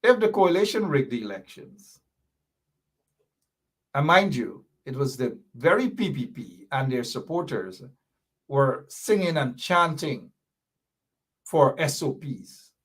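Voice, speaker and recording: A man's voice: medium pitch, sing-song, slow, long pauses, husky. A man with a Guyanese accent hosting a political commentary show, talking indignantly and hammering home repeated rhetorical questions.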